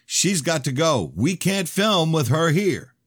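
A man's voice: medium pitch, very animated, measured pace, no echo, studio quality, pitched above the performer's own voice. A man voicing a brash, cynical young man in an audiobook, blunt and mocking. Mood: sneering. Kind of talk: audiobook reading.

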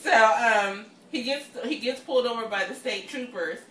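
A woman co-hosting a podcast from her kitchen, telling stories in a casual, animated way, laughing often and swearing freely. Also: a little high, normal speed, reverberant, distant mic, a little hiss or hum. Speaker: podcast co-host. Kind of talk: casual storytelling chat. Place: home kitchen.

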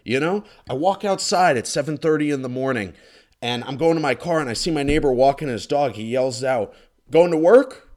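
A man delivering a sarcastic, exasperated comedic rant, swinging between loud outbursts and muttered asides, recorded close up in his condo. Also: medium pitch, fairly quick. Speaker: ranting commentator.

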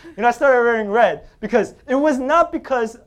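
Lively animated preacher man. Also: extremely high pitch, moderate pace. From Staten Island, New York. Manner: animated, joking, laughs often, conversational fillers. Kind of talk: sermon with personal stories.

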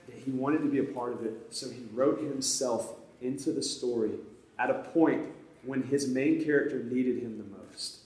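A man preaching a sermon in a conversational storytelling manner, often speaking straight to his listeners. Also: medium pitch. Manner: conversational, addresses the audience directly. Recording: echoey room.

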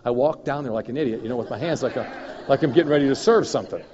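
A male guest minister tells stories from the pulpit, lively and chuckling, breaking into little sound effects. His voice comes through a dull, muffled recording with a long church-hall echo. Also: mid-range voice, rapid-fire, a little hiss or hum. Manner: animated storyteller, chuckles, mouth sound effects. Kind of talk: sermon with personal storytelling.

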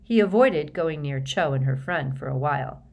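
A woman reading a story aloud as an audiobook narrator, in a steady, measured way. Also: low voice, gravelly. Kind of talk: scripted narration.

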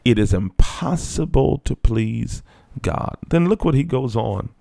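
Male preacher at mid pitch, dry and close, who reads verses and then unpacks them in slow, emphatic phrases. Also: expressive, vocal fry, warm tone, no echo. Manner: reads scripture aloud, then explains it in plain talk; slows down and drops low for emphasis. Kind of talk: sermon.

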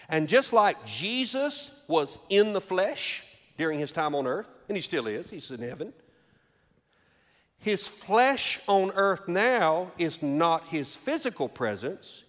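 High-voiced pastor preaching in a hall. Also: male voice, sing-song, slow. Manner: builds from quiet asides to raised, emphatic preaching. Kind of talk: sermon. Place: church sanctuary. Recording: reverberant hall.

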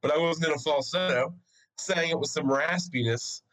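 A man's voice: a little high, normal speed, low-quality recording. A man co-hosting a podcast, telling a story in casual, profane chat and acting out what people said. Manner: animated, profane, acts out quotes. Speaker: podcast co-host.

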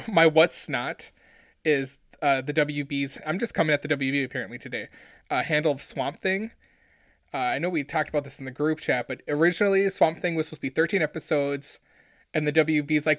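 A man co-hosting a casual pop-culture podcast, talking in excitable, joking rants. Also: on the high side, a little fast, no room sound, clean studio sound. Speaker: podcast co-host.

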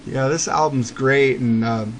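A man co-hosting a casual talk show about rock albums, chatty and quick to laugh. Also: medium pitch, a little hiss or hum, rough recording. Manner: chatty, laughs often, quotes people in passing. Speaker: podcast co-host.

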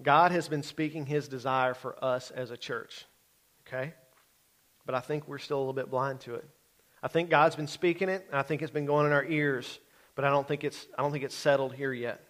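A man's voice: medium pitch, fairly even intonation, fairly quick, a bit bright. A middle-aged man preaching a sermon in a conversational way, often checking in with his listeners. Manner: conversational, keeps checking in with the congregation. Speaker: pastor.

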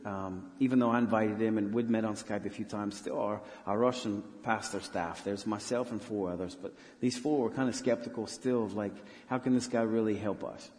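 A man serving as a missionary pastor, telling a story in an earnest, halting way with many restarts during a church interview. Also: on the low side, fairly even intonation, darkish tone. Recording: long hall reverb.

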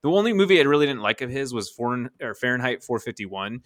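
A man's voice: mid-range voice, big pitch swings, fast, dry recording, studio quality. Enthusiastic rambling man in his thirties. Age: 30s. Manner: enthusiastic, rambling, laughs often. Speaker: podcast co-host. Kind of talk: casual podcast chat.

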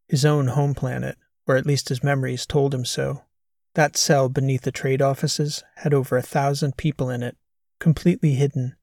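A man narrating a science fiction audiobook in a measured, even way. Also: mid-range voice, gravelly, no echo, clean studio sound. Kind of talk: scripted narration.

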